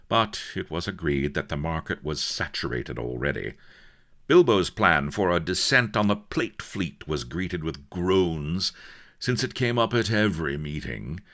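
A man narrates a comic pirate yarn in a very deep, gravelly voice. His delivery is dry and wry, with a bright edge to the tone. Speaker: reader.

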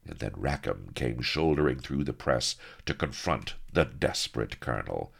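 A man's voice: extremely low pitch, lively intonation, normal speed, gravelly, breathy edge. A man reading a comic adventure story aloud with wry, mock-heroic narration.

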